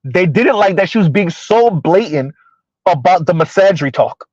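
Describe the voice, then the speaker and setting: A man with a fairly high voice hosts a casual livestream and talks straight to his chat. He slows down to make his points very deliberately and sometimes refers to himself in the third person. The sound is dull, lo-fi and dry. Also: animated, darkish tone, slightly rough, dry recording. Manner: addresses viewers directly, slows down to stress points. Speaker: livestream host reading chat comments.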